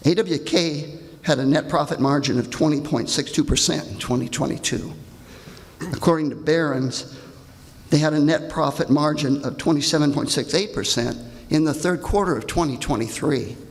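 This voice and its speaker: An older man with a gravelly voice, reading a pointed, indignant prepared comment at a public hearing. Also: a little high, moderate pace. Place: large hall. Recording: reverberant hall.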